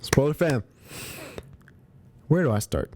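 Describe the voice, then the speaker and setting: A man's voice: medium pitch, expressive, slow, very noisy. A man hosting a movie review show, chatting casually about spoilers in slang, often repeating himself and restarting his sentences.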